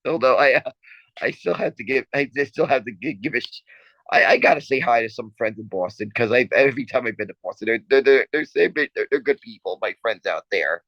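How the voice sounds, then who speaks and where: A man's voice: mid-range voice, fairly bright tone, dry recording. Male co-host, casual chat; stumbles and repeats himself, laughs through his stories, dry dull lo-fi sound. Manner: rambling, halting storytelling with many repeated words; laughs often while talking. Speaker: podcast co-host.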